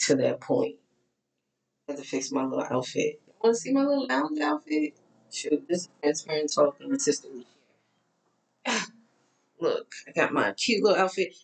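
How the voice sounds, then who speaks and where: Her voice rumbles low and creaky as this life coach from Texas speaks frankly and casually to her followers, sounding worn out, her voice repeatedly breaking. Between chatty stretches she slips in preachy asides. The audio is poor and echoey.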